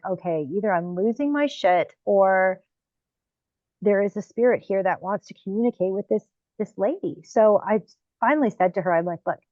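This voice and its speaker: A woman podcast host and medium telling her experiences in a casual interview, animated when quoting herself. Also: mid-range voice, dry recording, dull audio. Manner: lively storyteller, acts out quoted exclamations.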